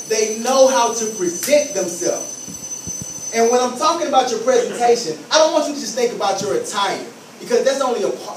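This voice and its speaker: A man's voice: very high voice, roomy sound, far from the mic, a little hiss or hum, low-quality recording. A man giving an emphatic motivational talk to students, repeating key phrases and acting out scenes. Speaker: motivational speaker.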